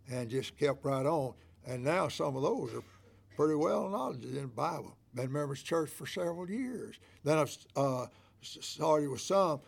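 An older man preaching a sermon in a fervent, folksy way, swinging from loud emphatic bursts down to quiet asides. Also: vocal fry, slightly rough. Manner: fervent, rising to loud emphatic stretches then dropping low; folksy, acts out shop clerks and a church member in quoted voices.

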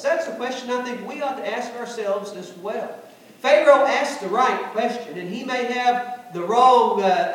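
A man giving a measured Bible-teaching sermon in a large hall, with occasional fillers. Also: very high-pitched. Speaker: preacher. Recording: echoey room from far off.

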